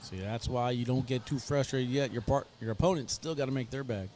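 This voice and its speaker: Man, sports commentator, casual play-by-play, mid pitch, faint venue noise behind. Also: fairly quick, a little mellow. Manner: chatty, joking asides between plays.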